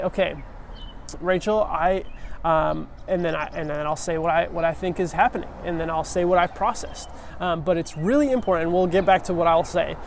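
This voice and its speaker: A man's voice: sits high, creaky, a little mellow, a little hiss or hum. A man giving a casual, earnest sermon, talking conversationally with frequent restarts.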